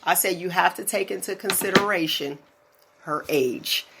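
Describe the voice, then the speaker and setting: A woman in her forties telling stories in casual chat as a podcast host, animated and often laughing. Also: lowish voice, moderate pace, background noise. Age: 40s.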